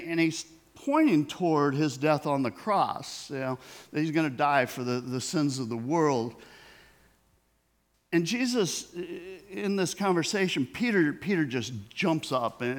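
Male pastor, sermon, animated pitch, unhurried delivery, slightly high voice. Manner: conversational preaching, acting out quoted dialogue.

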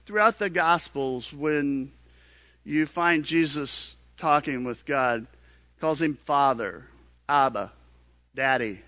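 A pastor preaching a sermon in an earnest, questioning manner, often repeating words. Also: male voice, on the high side, slow, pushed and bright, no echo.

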